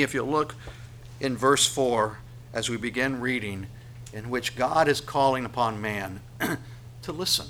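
A man preaching a sermon, swinging between loud emphatic lines and hushed ones. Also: mid-range voice, a little hiss or hum. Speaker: pastor.

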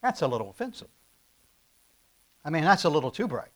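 Emphatic preaching man, fairly high voice. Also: very animated, brisk. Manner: emphatic, rising to loud stresses then dropping low. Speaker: pastor. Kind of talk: sermon.

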